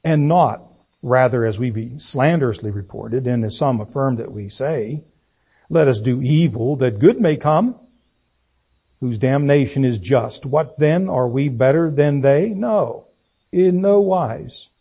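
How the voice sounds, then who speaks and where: A man preaching a sermon, reading scripture and praying in a deliberate, emphatic way. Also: mid-range voice, lively intonation, gravelly, warm tone, husky. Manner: slow, deliberate, emphatic delivery.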